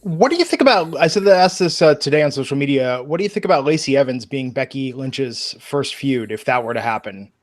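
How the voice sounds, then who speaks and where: A man's voice: mid-range voice, expressive, a little fast, few pauses. A man co-hosting a podcast, recapping events and asking the panel questions in casual chat. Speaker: podcast co-host.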